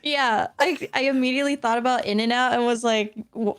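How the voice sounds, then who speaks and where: A woman chatting casually on a call, telling stories in an animated way and acting out the scenes. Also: fairly high pitch, normal speed, smooth. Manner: animated storytelling, acts out scenes. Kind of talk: casual chat on a group call.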